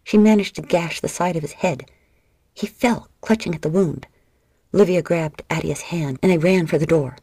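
Husky-voiced woman narrating a story. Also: lowish voice, normal speed, dark tone, no echo, clean studio sound. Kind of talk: audiobook narration.

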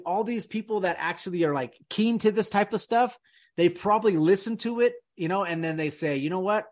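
A man hosting a casual podcast, rambling and emphatic, peppering his talk with dude and man. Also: sits high. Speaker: podcast host. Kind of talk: casual conspiracy podcast chat.

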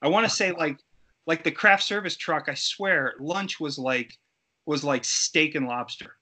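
A middle-aged man telling stories as an interview guest, animated and acting out quoted voices. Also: a little high, unhurried. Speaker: interview guest, creature suit performer. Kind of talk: casual storytelling interview.

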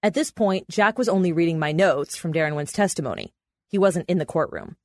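A woman reporter and podcast host, telling a court story in measured, matter-of-fact scripted narration. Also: on the low side, big pitch swings, no room sound.

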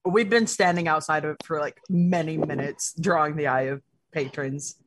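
A woman's voice: sits low, steady tone, moderate pace, slight background noise, poor audio. A woman playing in a tabletop game, joking and bantering casually. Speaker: player.

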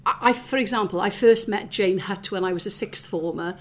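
A woman's voice: mid-range voice, fairly quick. A middle-aged woman from the South Wales valleys with a Welsh accent, talking in an interview and reminiscing in a chatty way with many fillers and restarts. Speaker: interview guest. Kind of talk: reflective conversational interview.

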